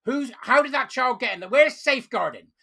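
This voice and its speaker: Commentator, angry rant to camera, bright forceful tone with a gravelly rasp. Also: sits high, lively intonation, a little fast. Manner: furious, ranting, emphatic. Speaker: online commentator.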